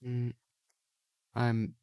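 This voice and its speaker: A French-speaking man from Quebec with a Quebec French accent, chatting casually on a live stream while drawing and thinking aloud in halting phrases full of fillers. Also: medium pitch, monotone, darkish tone, clean tone, dry recording, studio quality.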